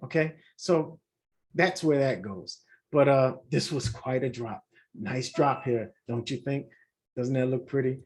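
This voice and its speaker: A man hosting a trading channel, talking casually through a screen-share market review, animated and repetitive, addressing viewers directly. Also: medium pitch, unhurried. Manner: animated, repeats himself, talks straight to viewers. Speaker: forex trading channel host.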